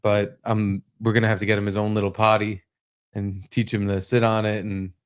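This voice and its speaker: A man's voice: flat delivery, a little fast, smooth. A man in his thirties co-hosting a podcast, telling casual stories in a loose, rambling way. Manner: loose storytelling, mimics his toddler in high voices. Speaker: podcast co-host. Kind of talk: casual chat.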